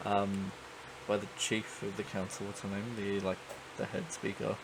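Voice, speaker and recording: A man's voice: lowish voice, level tone, moderate pace, vocal fry, slight background noise, low-quality recording. A man acting as game master for a tabletop game, explaining the rules in a loose, hesitant way. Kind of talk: running a tabletop game online.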